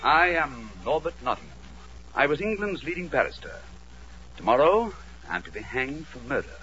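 A man's voice: a little high, big pitch swings, normal speed, lo-fi sound, pitched below the performer's own voice. A man voicing a pompous middle-aged English barrister who narrates in a plummy, melodramatic way, on a hissy old radio recording.

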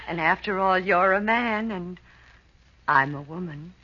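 A woman's voice: lowish voice, measured pace. An actress playing a sultry, demanding showgirl who coos and bosses in a vintage radio comedy. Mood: coaxing. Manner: coy and cooing, turning sharp and bossy. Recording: muffled old radio recording with hiss.

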